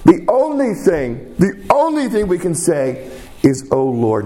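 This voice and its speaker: A male preacher delivers a sermon in a slightly raised voice at an unhurried, deliberate pace. He repeats his key phrases for weight and sinks into a hushed tone when he prays aloud. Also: on the high side, sing-song. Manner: emphatic, repeats phrases for weight, slows to a hush on prayers.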